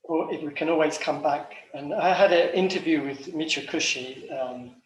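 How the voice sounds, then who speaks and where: A man's voice: fairly high pitch, normal speed. English man, chef, rambling casual talk, restarts often, distant mic, roomy echo. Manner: rambling, many ums and restarts. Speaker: macrobiotic chef and retreat director. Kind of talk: casual reflective talk at an online forum.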